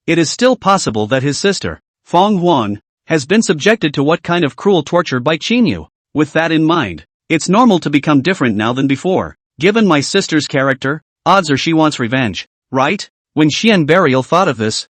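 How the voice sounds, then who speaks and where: A man narrating a fantasy comic recap in a dramatic, steady storytelling manner. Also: fairly high pitch, no echo. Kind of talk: scripted narration.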